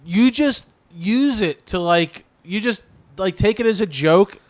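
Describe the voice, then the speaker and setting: A man's voice: sits high, animated, unhurried, dry recording. A man co-hosting a podcast, joking and laughing easily in casual chat. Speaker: podcast co-host.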